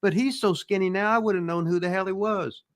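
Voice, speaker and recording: Older guy, slightly high voice, rambling cussing storyteller, keeps restarting. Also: fairly even intonation, fast. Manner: rambling, profane, restarts and folksy asides. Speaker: retired pro wrestler answering listener questions. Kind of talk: casual storytelling chat.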